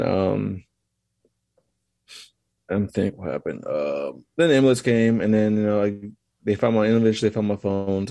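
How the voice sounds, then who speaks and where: Low, gravelly man telling a story. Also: dark tone, no room sound. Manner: halting, loose retelling of events. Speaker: podcast guest. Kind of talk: casual storytelling.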